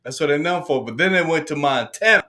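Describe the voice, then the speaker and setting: A man with a Southern accent and a high, bright voice, talking on a rowdy live stream. He jumps in loudly, laughs often and eggs on whoever is talking. He is from Alabama. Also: lively intonation, quick pace. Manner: loud, laughing, hyped-up interjections. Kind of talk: casual chat.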